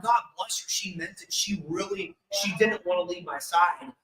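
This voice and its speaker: Speaking to an audience, a man with a bright, ringing, fairly high voice shares his own life story. He is open and emotional, breaking in with quick bursts of humor, and the recording echoes like a large event hall.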